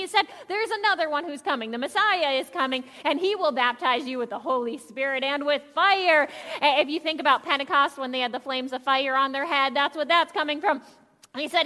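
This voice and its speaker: A woman pastor giving a lively, playful sermon and getting the congregation to shout lines back with her. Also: high voice. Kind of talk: children's sermon. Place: church sanctuary. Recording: long church reverb.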